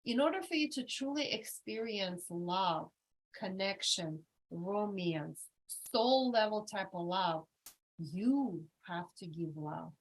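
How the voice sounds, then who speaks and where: A woman's voice: medium pitch, slow, breathy edge, rough recording. A woman leading a motivational retreat workshop, emphatic and repetitive, telling stories with lots of energy. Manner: emphatic and repetitive, animated storytelling. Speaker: retreat coach.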